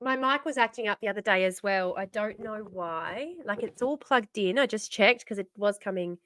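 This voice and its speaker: A woman's voice: medium pitch, moderate pace, fairly bright tone, dry recording, clean studio sound. A woman hosting a stream, ranting in exasperation and swearing as she reacts to the news. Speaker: streamer host.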